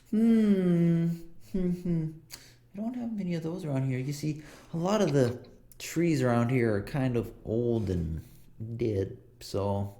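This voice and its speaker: A man doing a fussy, high-pitched shopkeeper woman. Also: creaky, a little mellow, echoey room, exaggerated voice. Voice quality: high falsetto with drawn-out hums. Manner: flustered, haggling and musing aloud. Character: startled, fussy woman shopkeeper trading grain.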